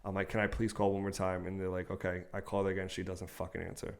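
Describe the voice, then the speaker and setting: A young man with a low, gravelly voice talks fast while co-hosting a podcast. He's animated as he tells a personal story in casual chat, swearing often and acting out the people he quotes.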